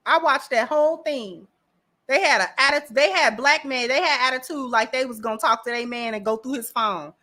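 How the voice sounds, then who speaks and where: Woman, bright tone, sassy emphatic commentary, slightly high voice. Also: moderate pace. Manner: sassy, emphatic, acts out quotes. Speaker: political commentator. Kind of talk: casual commentary vlog.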